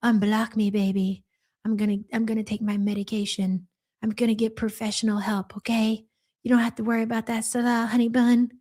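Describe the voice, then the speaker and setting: A woman's voice: fairly high pitch, little pitch movement, a little fast, dark tone, natural voice. Woman mocking a clingy pleading wife. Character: clingy pleading wife begging her husband.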